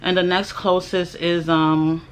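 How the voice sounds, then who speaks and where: A woman's voice: on the low side, level tone, a little slow, clean tone. Young woman vlogger, candid storyteller, blunt and indignant, swears freely. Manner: chatty, with many fillers and restarts. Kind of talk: personal storytelling to camera.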